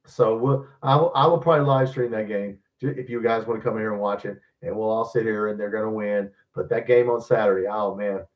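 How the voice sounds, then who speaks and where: Brief: gruff man in his 60s, sports stream host, blunt, somewhat off-mic, muffled. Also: lowish voice, steady tone, fairly quick, few pauses. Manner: blunt and grumbling, swears casually. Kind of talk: casual live stream chat, reading viewer comments. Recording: dull distant mic sound.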